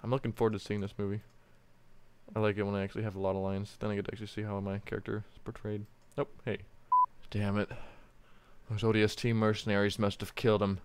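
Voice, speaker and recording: A man's voice: on the low side, monotone, fast talker, a little hiss or hum. Goofy man joking between voice takes. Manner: joking, goofy, self-mocking, bursts into loud line reads. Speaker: voice actor recording lines. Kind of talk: rambling blooper commentary between takes. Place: home recording setup.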